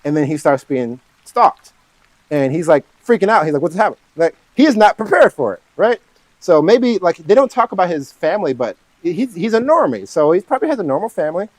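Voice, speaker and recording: A man's voice: a little high, brisk, dry recording, poor audio. A man talking casually on his own about a horror film, rambling and often checking in with "right?". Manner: animated, swings between eager and hushed. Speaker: channel host.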